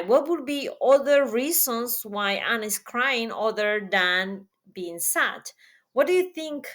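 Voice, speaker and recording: A woman teaching a test prep reading lesson in a casual video, lively and asking viewers questions. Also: a little high. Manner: lively, asks viewers questions and pauses for them.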